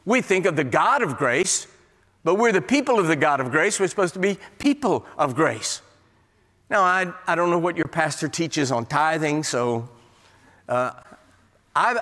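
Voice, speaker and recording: High-voiced man preaching in an echoing church. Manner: animated storyteller, acts out quoted voices. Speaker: guest preacher. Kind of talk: sermon with humorous stories. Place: large church sanctuary. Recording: long church hall reverb.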